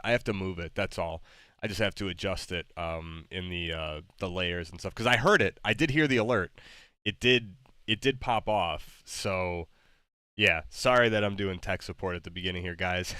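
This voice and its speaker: A man's voice: low-pitched, pushed and bright, no echo. A man streaming a game, chatting casually with lots of fillers and restarts and laughing easily. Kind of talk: casual livestream chat.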